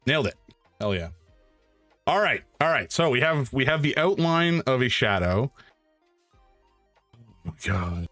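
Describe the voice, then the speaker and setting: Animated, excitable man streaming. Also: mid-range voice, unhurried, pauses often, dry recording, soft background music. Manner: animated and excitable, jokey, thanks donors. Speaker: streamer hosting a charity stream. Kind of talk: casual live-stream chat while drawing.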